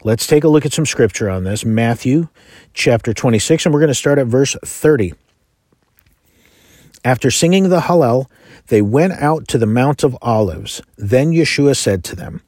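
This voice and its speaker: A man gives a Bible lesson in a measured, earnest voice, reading scripture aloud and then explaining it. His voice sits at an ordinary middle pitch for a man. The recording is dry, with almost no room sound. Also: lively intonation, darkish tone, no echo. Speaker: Bible teacher.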